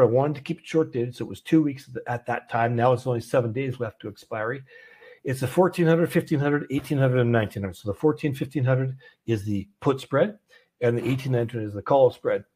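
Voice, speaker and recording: A man with a mid-range, slightly mellow voice talks fairly quickly while hosting a casual options trading call for his trading community. He walks through a trade conversationally, with plenty of fillers, and throws questions out to his audience.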